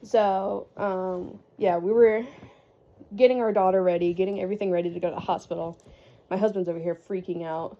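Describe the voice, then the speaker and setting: A woman's voice: mid-range voice, steady tone, normal speed, highs cut off. A young woman casually telling a story in a rambling vlog style, with lots of fillers and laughs. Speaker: vlogger.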